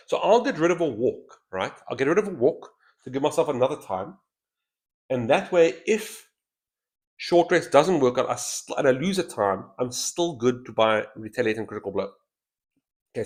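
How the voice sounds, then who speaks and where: This man's voice is on the high side and a little mellow. Hosting a solo board game stream through a headset mic with a straw-like boom, he casually thinks aloud while considering each move.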